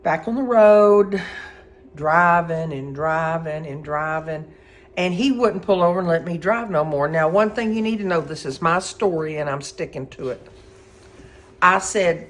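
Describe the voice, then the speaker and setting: A middle-aged woman, telling a personal story in a folksy, animated way and acting out the quotes. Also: low voice, a little slow. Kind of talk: casual spoken storytelling.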